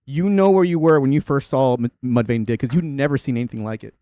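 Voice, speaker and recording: A man in his thirties hosts a livestream as a bass player, chatting casually and rambling with plenty of filler words and frequent laughs. He talks fast in a dark tone, and there's no echo.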